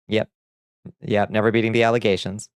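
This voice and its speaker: Chatty streamer with a smooth, dry voice. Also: male voice, on the low side, dry recording. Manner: chatty, laughs often, reads out chat. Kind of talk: casual livestream chat.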